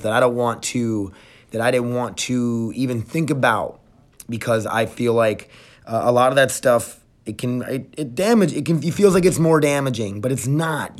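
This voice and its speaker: A man hosting his own podcast in a loose, unscripted way. He talks bluntly and swears freely, pushing with excitement at times and settling into quieter, reflective stretches at others. His voice sits in an ordinary middle pitch. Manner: blunt, profane, energetic then reflective. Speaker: podcast host. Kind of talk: casual solo podcast talk.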